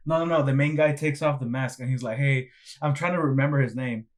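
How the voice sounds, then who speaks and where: A man's voice: medium pitch, fairly even intonation, quick pace. Rambling young man recounting a video. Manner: rambling retelling, lots of "like" and restarts. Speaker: podcast co-host. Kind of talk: casual chat.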